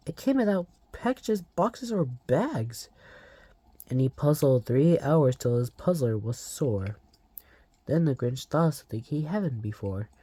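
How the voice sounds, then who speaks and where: A channel host slowly reading a storybook aloud, emotional about the story. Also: mid-range voice, big pitch swings, warm tone, breathy edge, dry recording.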